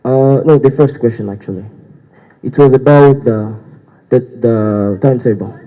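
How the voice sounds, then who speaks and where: Young man, mellow dark voice, hesitant debate answers, echoing hall. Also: medium pitch, measured pace. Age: young adult. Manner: hesitant, many fillers and restarts. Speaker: student guild candidate. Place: university hall. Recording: dull echoey hall sound.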